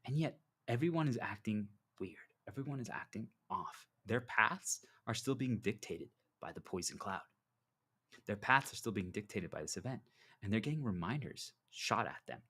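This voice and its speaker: Husky man preaching a motivational monologue. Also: lowish voice, normal speed. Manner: preachy, animated storytelling with acted dialogue. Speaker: self-styled spiritual guide.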